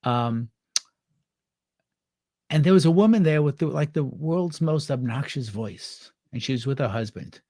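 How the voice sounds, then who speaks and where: A man's voice: mid-range voice, expressive, unhurried, pauses often, dark tone, no room sound, studio quality. A man chatting as a guest on a talk show, telling rambling anecdotes and laughing at his own stories. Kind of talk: casual chat.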